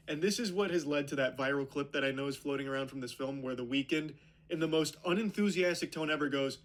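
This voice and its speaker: A man's voice: on the high side, fast. A man giving a casual spoken movie review, retelling the plot in a rambling way full of fillers.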